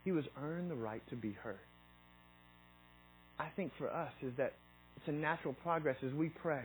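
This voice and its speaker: A man's voice: a little high, moderate pace, faint music behind, rough recording. A middle-aged man giving a conversational sermon, often restarting his sentences and reading scripture aloud. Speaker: preacher.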